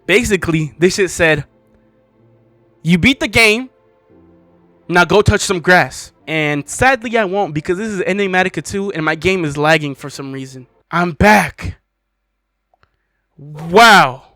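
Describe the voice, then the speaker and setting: Young male gamer host, high voice, bone-dry close mic, slangy and incredulous. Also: moderate pace, sharp tone, dry recording, soft background music. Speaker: gaming channel host. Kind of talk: casual gameplay commentary.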